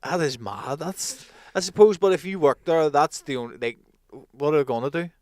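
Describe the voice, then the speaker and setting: A man's voice: on the high side, animated, moderate pace, no room sound. A man co-hosting a talk show, joking and swearing in easygoing casual chat.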